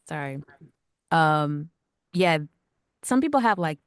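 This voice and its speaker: A woman working as a radio producer and voice actor, speaking in a calm, natural voice and chatting casually with plenty of "like" and "you know.". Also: low voice, drawn-out words, no room sound, clean studio sound. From Long Island and Georgia. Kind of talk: casual interview answers.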